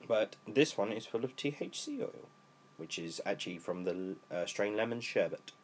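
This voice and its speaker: Young uk guy, really deep smoky voice, rambly stoner chat with lots of swearing. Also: lively intonation, moderate pace, slight background noise. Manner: rambling, swears freely, laid-back stoner talk. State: voice gone lower from smoking. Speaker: podcast co-host. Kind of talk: casual chat.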